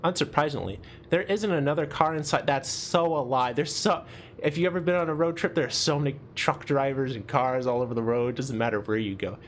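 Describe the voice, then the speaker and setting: Brief: young man, mid-pitched, reads a game story aloud and breaks off to chat casually. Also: fairly quick, slight background noise. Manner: casual, chatty asides with laughter. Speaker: streamer reading a visual novel.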